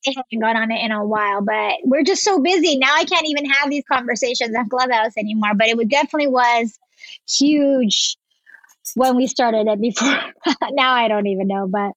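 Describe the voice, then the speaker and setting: Woman entrepreneur, high bright pitch, chatty storyteller, dull dry audio. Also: normal speed, dry recording. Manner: effusive storyteller, lots of "like". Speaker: entrepreneur guest. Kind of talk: casual interview chat.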